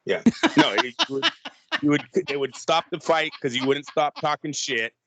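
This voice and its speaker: A man co-hosting a boxing podcast, chatting casually and laughing through animated, rambling retellings. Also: on the high side, normal speed, gravelly, noisy background. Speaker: podcast co-host.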